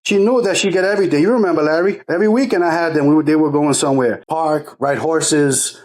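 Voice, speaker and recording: Middle-aged guy on a podcast, fairly high voice, slangy, acts out what people said. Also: fast. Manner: animated storyteller, slangy, acts out quotes. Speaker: podcast co-host. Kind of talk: casual podcast chat.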